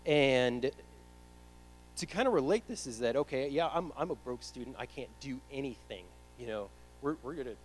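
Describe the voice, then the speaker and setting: A young man preaching, telling a personal story with animated delivery and acting out his own panic. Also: mid-range voice, a little hiss or hum, poor audio.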